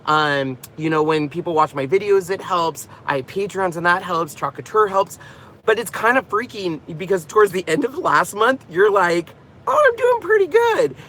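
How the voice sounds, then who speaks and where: A man's voice: sits high, normal speed, bright, forceful tone, a little hiss or hum. A man hosting a crafting channel, chatting casually and rambling off on tangents from inside his car in his garage. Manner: laughs often and jokes about himself. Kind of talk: casual vlog chat.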